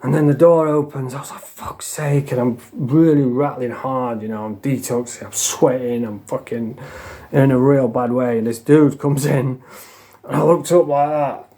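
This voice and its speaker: A man's voice: medium pitch, fairly even intonation, normal speed, dark tone. A man telling stories in a blunt, casual way, with lots of swearing and a laugh now and then. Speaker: storyteller. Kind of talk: casual storytelling.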